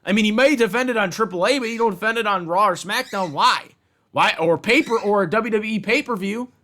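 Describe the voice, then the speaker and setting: A man's voice: sits high, brisk, fairly bright tone. A man ranting angrily about wrestling storylines, heated and profane, repeating himself for emphasis. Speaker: wrestling commentator ranting on his channel. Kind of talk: angry rant.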